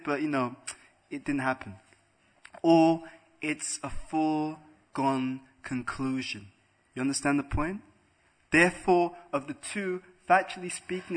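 A man's voice: on the high side, a bit bright, slightly rough. A man giving a devotional class lecture to a room of listeners, arguing in a rhetorical way and asking "right?" again and again. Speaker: spiritual lecturer. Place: room with a live audience.

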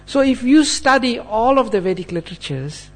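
Male preacher with a high voice, earnest and unhurried, explaining scripture to a class. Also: expressive. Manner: earnest, checks in with listeners by asking "hmm?". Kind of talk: sermon.

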